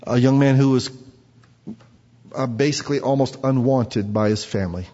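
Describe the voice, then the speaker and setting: A male preacher delivers a lively sermon and fires questions at his congregation. His voice sits at a middle pitch. A dull recording carries the long reverb of a church hall. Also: normal speed. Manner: lively, quizzes the congregation, acts out quotes.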